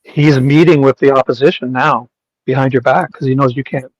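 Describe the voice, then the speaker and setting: A man co-hosting a casual chat, bantering in a dry, deadpan way. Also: medium pitch, brisk, dull audio, crowd noise.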